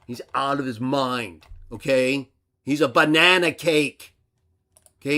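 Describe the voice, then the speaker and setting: Man, livestream host, aggressive rant, drawn-out slow delivery, loud bursts and low mutters. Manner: aggressive, swinging between shouting and muttering.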